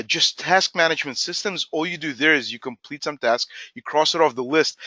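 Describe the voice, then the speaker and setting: Man presenting a webinar, energetic and emphatic, bright tense voice, dry lo-fi sound. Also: a little high, no room sound. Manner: energetic, emphatic, acts out quoted dialogue. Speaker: company CEO presenting a webinar.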